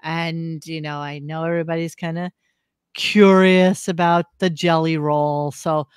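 A man's voice: fairly high pitch, level tone, unhurried, clean tone, no echo, studio quality. A man co-hosting a podcast, chatting casually with crude wisecracks. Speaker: podcast co-host. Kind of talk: casual commentary chat.

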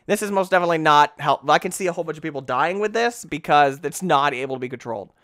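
Excitable young man yelling over a game. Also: fairly high pitch, fast, dry recording, studio quality. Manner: excitable, yelps and shouts in bursts. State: tired, yawning. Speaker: gaming YouTuber. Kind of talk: let's play commentary.

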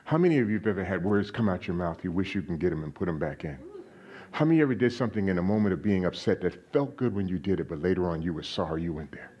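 A man preaching a sermon as a guest speaker in a church, animated, asking the congregation questions and raising his voice on quoted lines. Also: low voice, fast talker, breathy edge, highs cut off. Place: church sanctuary.

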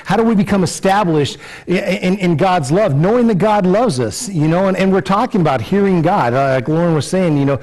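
A man's voice: high-pitched, expressive, a little fast, a little mellow. A man preaching a conversational sermon in church, with many fillers and repeated words, acting out little scenes in a raised voice. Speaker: pastor.

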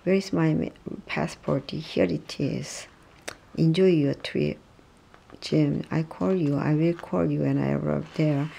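A speaker reading English practice dialogues aloud, halting and restarting often. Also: medium pitch, steady tone, creaky, dark tone.

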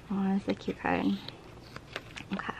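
A woman vlogging about things she bought, in an excitable, gushing way, laughing often and chatting with lots of fillers and "right?". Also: medium pitch, gravelly, lo-fi sound, background noise. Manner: chatty, many fillers and tag questions. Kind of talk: casual haul chat.

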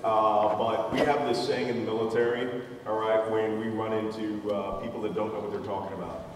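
A man's voice: on the low side, level tone, brisk, heavy background noise. A man, a military veteran, rebutting bluntly on a debate panel. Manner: blunt and combative. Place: large event hall with audience. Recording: distant mic in echoey hall with crowd.

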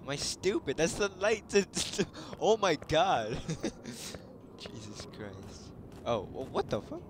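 An excitable man chatting through a video game, joking, cursing, and laughing at his own bits. His pitch swings widely while his pace stays slow. Loud noise sits behind his voice. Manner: excitable, jokey and swearing, laughs often. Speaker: gaming video host. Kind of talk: casual let's-play commentary.

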